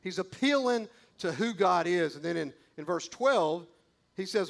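High-pitched gravelly preacher man. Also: animated, unhurried. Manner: conversational, emphatic, folksy asides. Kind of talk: sermon.

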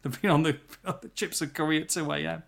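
A man co-hosting a football podcast, telling stories in an animated, self-mocking way. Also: a little high, fast talker, vocal fry. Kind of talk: casual podcast chat.

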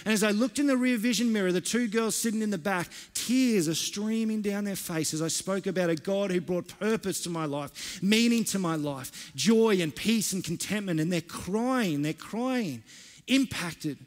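A man's voice: high-pitched, moderate pace. A man preaching a sermon as pastor, telling personal stories earnestly with frequent restarts and repeated words. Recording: long hall reverb.

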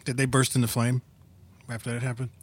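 A man's voice: mid-range voice, completely flat delivery, brisk. A man trading dry sarcastic one-liners in a casual comedy podcast.

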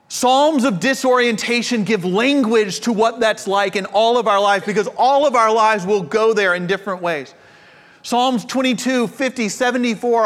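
A pastor preaches from the pulpit in a voice that is high and light for a man, swinging between impassioned swells and hushed, intense moments. The reverberant church sanctuary leaves a long reverb trailing each phrase.

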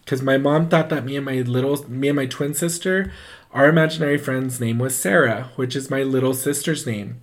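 A man's voice: mid-range voice, fairly quick. A man telling a story in casual chat, rambling with lots of "like" and acting out the voices of the people in it. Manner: animated, acts out quoted voices; loose and rambling, full of "like".

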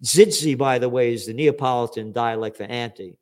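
An older man giving an indignant, profane commentary monologue, swinging from loud outbursts to low muttering. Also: fairly quick. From United States.

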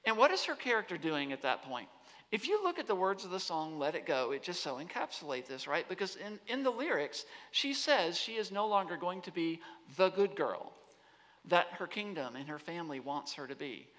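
A man giving an animated talk to students on a campus, often asking the audience rhetorical questions. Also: sits high, normal speed. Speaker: speaker. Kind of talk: lecture-style talk to students. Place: large hall on a college campus. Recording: long hall reverb.

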